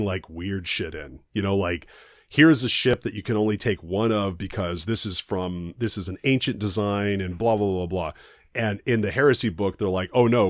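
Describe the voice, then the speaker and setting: A man's voice: fairly low pitch, dry recording, studio quality. A man co-hosting a casual podcast chat, enthusiastic and profane, laughing often. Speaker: podcast co-host.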